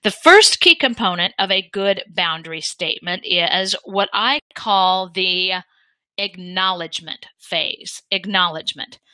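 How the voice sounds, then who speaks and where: A middle-aged woman giving a training lecture on communication, acting out the quoted lines of dialogue with lively energy. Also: fairly low pitch, dry recording, poor audio. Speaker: workshop presenter.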